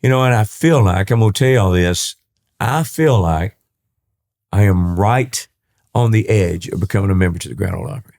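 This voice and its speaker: Folksy Texan man telling stories, low voice. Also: moderate pace, vocal fry, a little mellow. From East Texas. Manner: folksy, repeats words and restarts while telling stories. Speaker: guest, country singer. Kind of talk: storytelling in a podcast interview.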